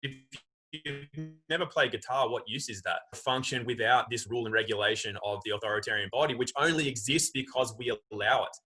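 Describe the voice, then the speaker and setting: A man's voice: mid-range voice, a little fast, breathy edge, poor audio. A man guest talking emphatically on a video call, arguing his point at length. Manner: emphatic, animated, acts out quoted voices. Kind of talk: casual conversation.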